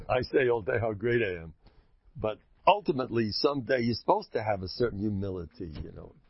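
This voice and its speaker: A man's voice: fairly low pitch, expressive, normal speed, breathy edge. A man giving a sermon as a religious speaker, emphatic and joking in a preachy way. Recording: lo-fi dull recording.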